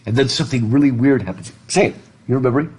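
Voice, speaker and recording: A middle-aged American man lecturing in a classroom, animated, reading passages aloud and joking with his students. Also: medium pitch, rapid-fire, husky. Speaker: literature professor.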